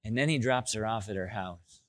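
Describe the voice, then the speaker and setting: Preaching a sermon at a moderate pace, a middle-aged man tells stories, his voice rising into loud, excited bursts before falling into soft, low asides.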